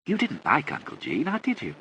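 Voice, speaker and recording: A man's voice: mid-range voice, wildly swooping pitch, fairly quick, gravelly, pushed and bright, a little hiss or hum, pitched above the performer's own voice, heavily acted, rough recording. A man voicing a theatrical, flippant young aristocratic woman with breezy upper-class chatter.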